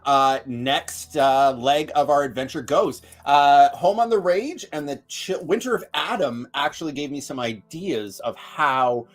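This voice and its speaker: Chatty guy running a tabletop rpg stream, excited, lots of uhs. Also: on the high side, unhurried, few pauses. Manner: upbeat, lots of filler words. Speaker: game master and host. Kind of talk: casual livestream chat.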